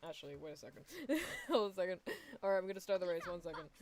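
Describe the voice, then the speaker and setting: A woman streaming a racing game, chatting casually with viewers and cheering on her runners with excitement. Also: lowish voice, racing, crowd noise.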